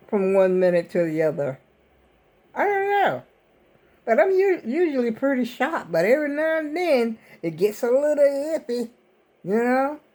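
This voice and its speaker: A woman's voice: high voice, a little mellow. An older woman vlogger, rambling in casual chat to her viewers. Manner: rambling, chatty, talks to viewers as y'all.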